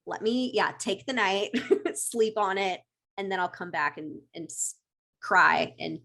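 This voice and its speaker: Animated woman chatting about astrology. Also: medium pitch, measured pace, vocal fry. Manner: animated, laughs often, acts out little quoted voices. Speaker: astrology podcast guest. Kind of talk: casual chat.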